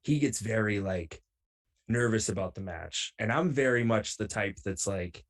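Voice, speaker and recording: A man's voice: lowish voice, moderate pace. A man guesting on a podcast, telling prank stories in a casual, playful way and acting out what people said. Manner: animated, playful, acts out quotes. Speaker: podcast guest, pro wrestler. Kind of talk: casual storytelling.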